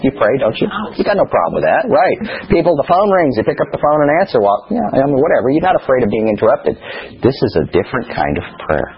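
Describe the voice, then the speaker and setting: A man's voice: mid-range voice, lo-fi sound. A man leading a study class, reading a text aloud and then putting rhetorical questions to his listeners. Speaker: teacher.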